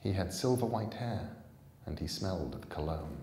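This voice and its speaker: A man reading a novel aloud in a calm, deliberate storytelling manner. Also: low-pitched, echoey room. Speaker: storybook reader.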